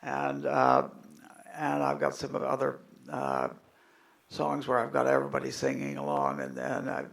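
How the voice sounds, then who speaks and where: A man in his seventies, a folksinger giving a comic lecture in a rambling, chuckling, halting way. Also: medium pitch, very animated, vocal fry, a bit bright. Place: hall with a live audience. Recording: echoey room with music.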